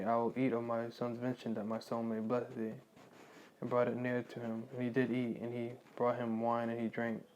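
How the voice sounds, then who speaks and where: A man reading scripture aloud quietly and breaking off into casual spoken commentary, full of "you know". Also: slight background noise. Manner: quiet, low reading of scripture, louder and livelier in his asides; leans on "you know" constantly.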